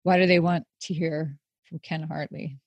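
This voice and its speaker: A woman's voice: deep voice, steady tone, moderate pace, a little mellow, no room sound, highs cut off. A woman hosting an interview, chatting casually and rambling with many fillers. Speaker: interview host.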